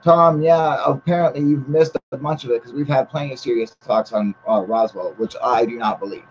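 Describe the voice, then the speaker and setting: Male livestream host, mid-pitched, blunt and swearing, rambling with fillers, slightly muffled audio with faint hiss. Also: fairly even intonation, brisk. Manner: blunt and heavily profane. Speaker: channel host. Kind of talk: casual livestream chat with viewers.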